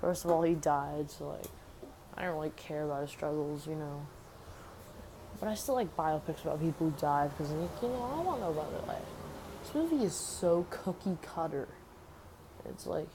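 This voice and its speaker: A woman's voice: low voice, moderate pace, dark tone, a little hiss or hum, poor audio. A young woman ranting sarcastically about movies in a rambling, casual way, full of "like". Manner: mocks movie characters in exaggerated voices. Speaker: movie reviewer. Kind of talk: casual movie review rant.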